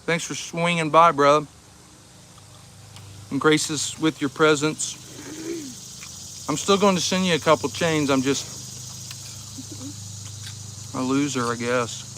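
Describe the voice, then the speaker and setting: A man's voice: on the high side, fairly even intonation, unhurried, long pauses, pushed and bright, a little hiss or hum. A man from Ohio hosting a casual livestream, chatting easygoing with viewers and chuckling often, sitting outside behind his house. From Ohio, USA. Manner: laid-back, chuckling often, easygoing and joking. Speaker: livestream host. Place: outdoors behind the house, with insects.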